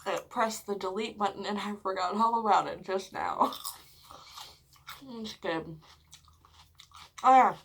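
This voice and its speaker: A woman vlogger telling a story casually while eating, chatty and full of "like", swearing often and dropping into hushed whispers at dramatic moments. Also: mid-range voice, measured pace, pauses often, a little hiss or hum. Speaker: mukbang vlogger.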